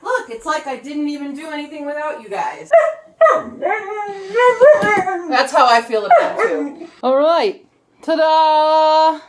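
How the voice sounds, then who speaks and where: Woman vlogger, bit high voice, chatty and playful, dotes on her dog, recorded at home on camera. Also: moderate pace, a little hiss or hum. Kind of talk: casual home vlog. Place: at home, in a room being set up.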